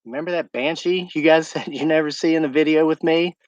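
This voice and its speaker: A man's voice: a little high, steady tone, fairly quick, no echo, lo-fi sound. Chatty American man on a livestream. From United States. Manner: chatty, rambling, talks to live viewers. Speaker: homesteading livestream host. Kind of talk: casual livestream chat. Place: outdoors at night by his woods.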